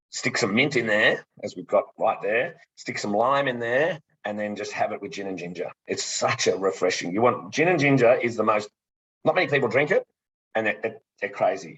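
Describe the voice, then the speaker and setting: A man's voice: lowish voice, a bit bright, breathy edge. A man presenting a gin tasting with energy, stumbling over repeated words as he goes. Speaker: distillery co-founder presenting a tasting. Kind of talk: enthusiastic casual presenting. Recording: muffled, slightly lo-fi sound.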